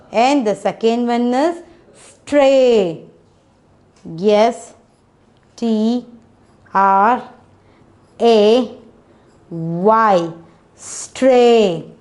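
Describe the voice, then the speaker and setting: A woman teaches a phonics class at a very slow, deliberate pace. She spells each word out letter by letter and says it again and again for young learners. Her pitch sits in the middle for a woman. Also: a little mellow.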